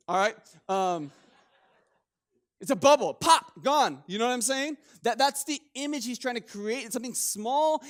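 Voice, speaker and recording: High-voiced joking young pastor. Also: male voice. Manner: casual and joking, many restarts. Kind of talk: sermon.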